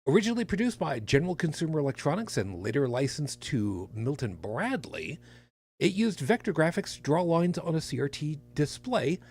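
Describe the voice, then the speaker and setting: Tired male podcast host, raspy gravelly voice, lively pitch, jokey read. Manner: animated, jokey delivery with big pitch swings. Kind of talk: casual podcast chat, reading horoscopes.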